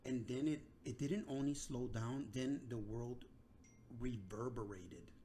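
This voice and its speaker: A man hosts a casual podcast, talking in a halting way with restarts and fillers. His voice sits in a middle pitch. Faint background hiss is audible. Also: dark tone. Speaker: podcast host. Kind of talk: casual chat.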